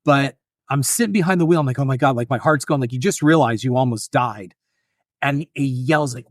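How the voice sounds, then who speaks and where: Male guest, animated storyteller, acts out voices, dry close mic. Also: mid-range voice, a little fast, no echo. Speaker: guest filmmaker and author. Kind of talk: casual storytelling.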